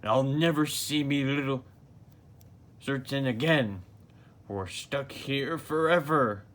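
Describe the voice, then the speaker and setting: A man doing a gruff old cartoon crab. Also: mid-range voice, slow pace, fairly bright tone. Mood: gloomy.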